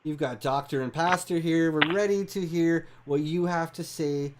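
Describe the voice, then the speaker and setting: A man's voice: a little high, moderate pace, background noise. A man hosting a comedic call-in talk show, chatty and eager, often cutting in with questions.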